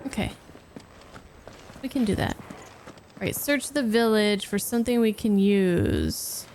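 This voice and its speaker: Slow-talking woman streamer, sarcastic. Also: medium pitch, darkish tone, slight background noise. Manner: sarcastic, chatty reactions to the game. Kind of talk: live gameplay commentary.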